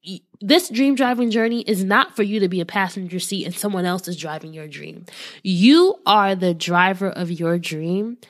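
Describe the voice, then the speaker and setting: A woman hosting a motivational podcast, talking in an earnest, encouraging and conversational way, with frequent fillers like "right" and "like". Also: mid-range voice. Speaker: podcast host.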